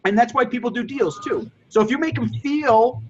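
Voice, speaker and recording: A man's voice: extremely high pitch, moderate pace, dull audio, a little hiss or hum. A man hosting a casual group chat, coaching listeners in an emphatic, repetitive way and acting out sales dialogues. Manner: emphatic, repeats himself, acts out buyer dialogues. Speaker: host coaching phone resellers.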